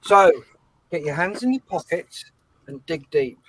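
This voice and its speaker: High-voiced man running an auction. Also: lively intonation, measured pace, rough recording. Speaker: auctioneer co-host. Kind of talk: casual live-stream chat.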